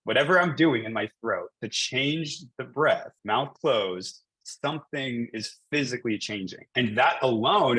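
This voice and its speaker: A man's voice: medium pitch, fairly bright tone, husky, dry recording, low-quality recording. A man in his thirties, a coach, telling a personal story in a casual coaching conversation, full of fillers and restarts. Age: 30s.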